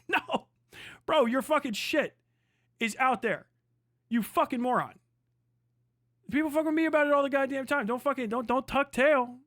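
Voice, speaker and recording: Heated high-voiced man ranting. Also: fairly bright tone, no echo, studio quality. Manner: heated, mocking, swearing. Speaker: livestream host reacting. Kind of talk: profane livestream reaction.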